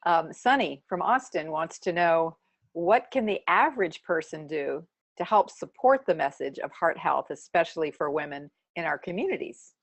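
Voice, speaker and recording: A woman's voice: sits low, animated, moderate pace. A woman hosting and moderating a panel over a video call, stepping in politely and upbeat to pass on questions. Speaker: host and moderator.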